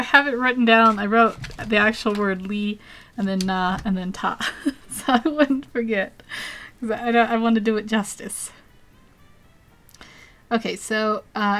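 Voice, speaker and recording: An American woman with a General American accent live-streams while drawing, her mid-range voice fairly bright. Giggly and self-deprecating, she chats casually, laughing between phrases as she reads and answers viewers.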